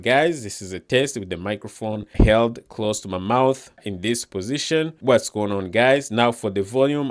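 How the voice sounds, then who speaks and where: A man giving a casual, upbeat review of gear, chatting straight to his viewers while wearing a wireless lapel mic in a home studio. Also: lowish voice. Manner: upbeat, chatty, often addresses viewers as guys. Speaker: tech reviewer. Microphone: wireless lapel microphone.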